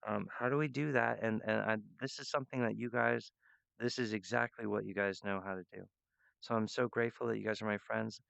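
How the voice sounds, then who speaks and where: Gravelly, halting man speaking to viewers. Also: lowish voice, steady tone, a bit bright, no echo, dull audio. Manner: halting, full of restarts and fillers, earnest. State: emotional. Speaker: artist addressing viewers. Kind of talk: rambling direct-to-camera monologue.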